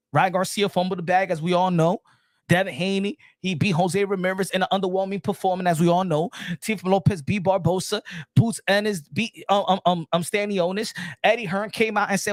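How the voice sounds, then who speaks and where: A man giving casual boxing commentary, animated, repeating himself and firing off rhetorical questions. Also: high voice, dry recording, studio quality. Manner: animated and repetitive, many restarts and rhetorical questions.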